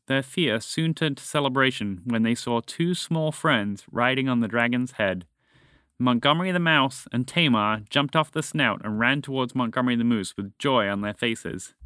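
Bright-voiced storybook narrator man. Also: fairly low pitch, smooth, no echo, studio quality. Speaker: narrator and podcast host.

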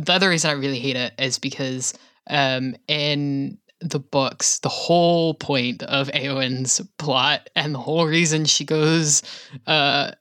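Bright-voiced woman, chatty and laughing. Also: extremely low pitch, no echo, studio quality. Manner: laughs often, swears, animated and rambling. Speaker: podcast co-host. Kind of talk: casual chat.

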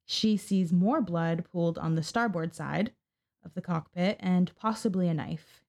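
A woman's voice: lowish voice, unhurried, gravelly, darkish tone. A woman co-hosting a podcast, telling a true-crime story in a casual, chatty way. She swears freely and acts out the people she quotes. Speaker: podcast co-host.

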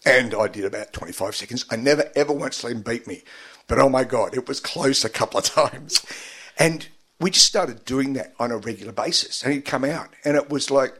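A man, a guest in a radio studio interview, telling his story haltingly with many fillers and getting emotional at times. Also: medium pitch, fairly bright tone, slightly rough.

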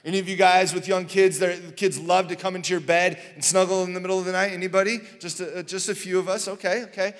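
A pastor in his thirties delivers a sermon in a relaxed, joking manner, dropping in fillers as he tells family stories. His voice sits fairly high for a man. The sound carries a long reverb from a large church hall. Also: quick pace, few pauses. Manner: conversational, joking storyteller with many fillers.

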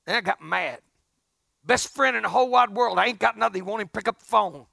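A middle-aged man preaching a folksy storytelling sermon, swinging from hushed asides to loud outbursts. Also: high voice, quick pace, vocal fry, no echo, studio quality.

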